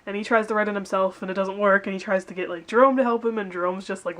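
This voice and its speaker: A woman's voice: mid-range voice, steady tone, rapid-fire, few pauses. A woman recapping a TV episode in casual chat, filling her talk with "like" and "kinda". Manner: chatty, fills with "like" and "kinda".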